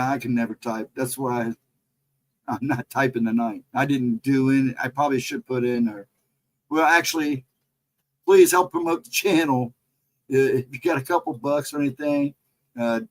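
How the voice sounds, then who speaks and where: A man's voice: medium pitch, low-quality recording. A middle-aged man, co-host of a paranormal livestream, telling a personal story in a rambling, casual way and chatting with viewers between stories.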